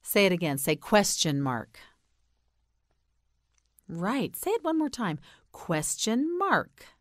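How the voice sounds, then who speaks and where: A woman with an American accent teaching English pronunciation, slowly enunciating and repeating words for learners to say back. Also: fairly low pitch, very animated, no room sound, clean studio sound. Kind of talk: slow drilled vocabulary lesson.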